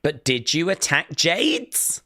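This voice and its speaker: A man streams a wrestling watch-along, reacting live with excitement and talking back at the screen. His voice sits a little high and he speaks slowly.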